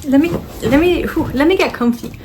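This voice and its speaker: A woman's voice: high-pitched, fairly quick, background noise. A woman book vlogger talking casually to camera at home, frustrated, blunt and swearing as she rants. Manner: blunt and exasperated, with sighs. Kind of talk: casual vlog talk to camera.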